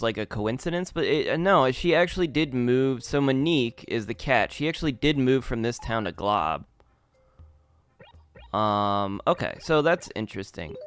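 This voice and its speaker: A man's voice: medium pitch, fairly bright tone, clear, resonant tone, dry recording. A man casually commenting on his game as he plays, rambling and chatty with lots of restarts. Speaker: gaming YouTuber.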